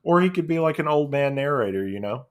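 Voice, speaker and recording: A man co-hosts a casual podcast in a relaxed, musing way, laughing easily. His voice sits at an ordinary middle pitch. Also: fast. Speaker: podcast co-host. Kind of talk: casual chat about a comic.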